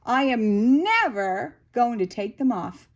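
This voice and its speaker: A woman reading aloud and voicing an excited, stubborn little girl in a storybook, with an eager sing-song manner. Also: on the high side, slow, exaggerated voice. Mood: thrilled.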